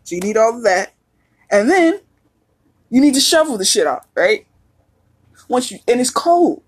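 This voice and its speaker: A woman's voice: on the high side, very animated, normal speed, long pauses, breathy edge. A woman in her thirties hosting a podcast, talking in a candid, profane, casual monologue and laughing often. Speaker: podcast host.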